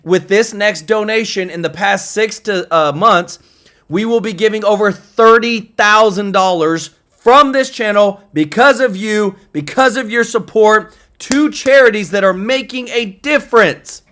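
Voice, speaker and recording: A man's voice: sits high, a little slow, a bit bright. A man hosting a casual news livestream, chatty and thanking viewers for their super chats.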